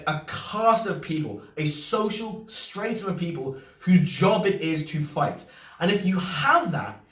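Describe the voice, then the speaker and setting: A man with an English voice and a slight Scouse tinge, explaining history in an earnest, self-correcting way with casual asides. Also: a little high. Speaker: history video host. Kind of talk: unscripted explanatory lecture. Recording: roomy echo, mic at a distance.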